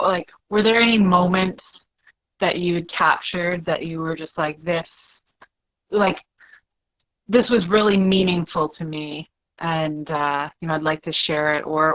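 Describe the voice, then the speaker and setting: A woman's voice: fairly low pitch, no room sound, narrow, tinny audio. A woman co-hosting a casual chat, asking long, meandering questions and agreeing often. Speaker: co-host.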